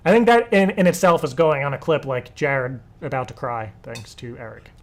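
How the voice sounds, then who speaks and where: A man's voice: mid-range voice, moderate pace. A young man hosting a live stream show, rambling casually with frequent laughter and swearing. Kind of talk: casual livestream chat.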